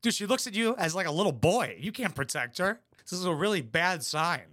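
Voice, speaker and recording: A man with a bright, forceful tone, pitched a little high, reacts to a reality show in a crude, mocking way. His voice is close and dry, and he delivers blunt put-downs in casual, profane chatter. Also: expressive, brisk, dry recording. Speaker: reaction commentator.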